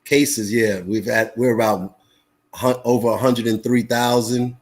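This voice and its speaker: A man with a medium-pitched voice chats casually and warmly. He often trips and restarts mid-sentence while asking questions. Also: fairly even intonation, a little slow. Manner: friendly, stumbling restarts. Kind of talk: casual chat.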